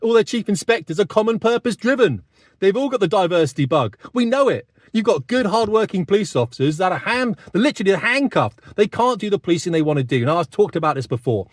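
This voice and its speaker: A fast-talking, animated British commentator in his fifties bluntly addresses the camera in a high-pitched voice, repeatedly adding "mate". The recording is studio quality with no echo.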